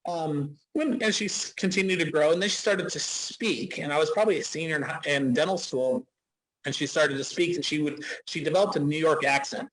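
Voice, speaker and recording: A man in his forties from Utah speaks as a dentist guest in a relaxed interview. His voice sits a little high for a man, and he tells anecdotes in a loose, chatty way, often restarting his sentences. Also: a little fast, rough recording. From Utah, USA. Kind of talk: casual interview storytelling.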